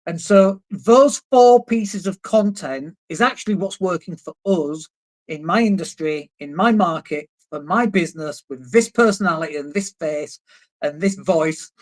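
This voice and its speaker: A man's voice: sits high, unhurried. Blunt, emphatic man on a livestream. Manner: blunt, emphatic, swears casually, mocks objections in put-on voices. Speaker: marketing coach and live streamer. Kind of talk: casual livestream talk. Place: indoors at a computer, living in Spain.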